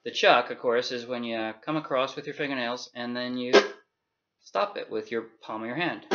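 A man teaching a ukulele strum in a relaxed, chatty way and counting the beats aloud. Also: medium pitch, normal speed, over loud music. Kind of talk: casual music lesson. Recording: dull lo-fi sound with loud ukulele. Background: ukulele playing.

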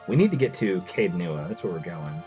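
A man's voice: sits low, sing-song, a little fast, dark tone, lo-fi sound, soft background music. A man chatting casually while streaming a game, reading its text aloud as he plays. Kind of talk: casual live game commentary.

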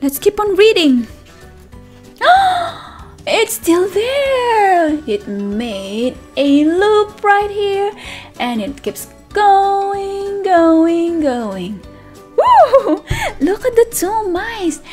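A woman teacher reading a picture book aloud to toddlers, animated and sing-song, with excited gasps and friendly questions to the children. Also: very high voice, extremely slow, soft background music. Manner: speaks directly to young children with questions and praise. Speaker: children's teacher and channel host. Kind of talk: read-aloud storytelling for toddlers.

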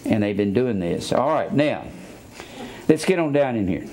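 A man's voice: medium pitch, lively intonation, normal speed, darkish tone. An older man preaching a sermon, blunt and scornful, stopping to teach grammar like a schoolteacher. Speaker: pastor.

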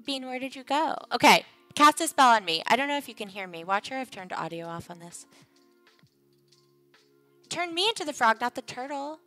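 A woman's voice: high voice, sing-song, moderate pace, sharp tone, faint music behind. A young adult woman hosting a casual game livestream, chatting playfully and joking with her viewers. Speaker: livestream host.

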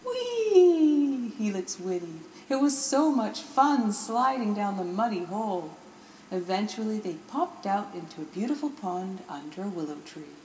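A woman narrating a children's storybook in a gentle, expressive way. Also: mid-range voice, moderate pace, echoey room, slight background noise, poor audio. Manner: gentle, expressive, lingering on words.

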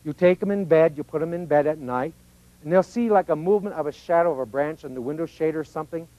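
Man, folksy lecturer, somewhat high voice, dry and slightly muffled recording. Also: fast talker, mellow. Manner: conversational, folksy, acts out little voices of kids and parents. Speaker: speaker on personal growth. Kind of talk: informal teaching talk.

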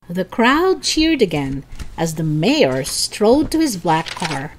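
A woman reading a children's chapter book aloud, raising her voice high and excited for the children's lines. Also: takes it slowly.

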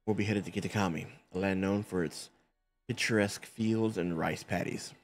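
A man's voice: low-pitched, steady tone, moderate pace, faint music behind. A man reading as a chatty, gushing woman teacher. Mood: explanatory. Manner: reads on-screen game dialogue aloud in a loose, unpolished way.

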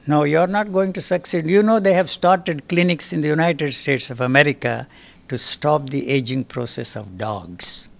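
A man in his eighties, an interview guest in a studio, speaking in an emphatic, forceful and blunt manner. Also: fairly high pitch, moderate pace, creaky. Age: 80s. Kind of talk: fiery spoken discourse. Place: recording studio.

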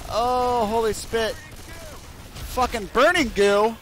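A young man narrates his own gameplay in a high, swooping voice that jumps from mutters to yells. He swears constantly and rages at his teammates. His delivery is unhurried between bursts, with a faint hiss under the mic. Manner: profane, excitable, berating his teammates with loud outbursts. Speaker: gaming video creator. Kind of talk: live gameplay commentary.

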